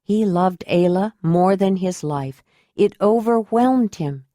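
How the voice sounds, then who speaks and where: A woman narrates an audiobook at a very slow, deliberate pace with a mid-range voice. Her reading is even and measured, recorded close and dry. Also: mid-range voice, dry recording. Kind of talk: scripted narration.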